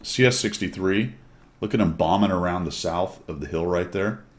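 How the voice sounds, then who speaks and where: Deep-voiced man doing chatty game commentary. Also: normal speed. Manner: chatty, wry, jokey asides to viewers. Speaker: gameplay commentator.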